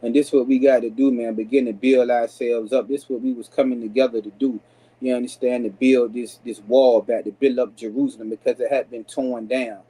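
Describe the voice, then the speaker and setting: A man teaching an informal scripture class in African American Vernacular English, his voice dark and mellow at a middle pitch. He talks casually, checking in with his listeners again and again. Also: flat delivery, a little fast, slightly rough, low-quality recording. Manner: casual street-style speech with many "you understand" fillers.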